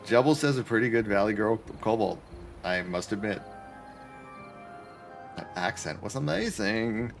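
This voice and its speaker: Here a man with a lowish, gravelly voice speaks unhurriedly but with animation, leaving long pauses while soft music plays. He's a Canadian streamer chatting and joking with viewers as he games in his apartment.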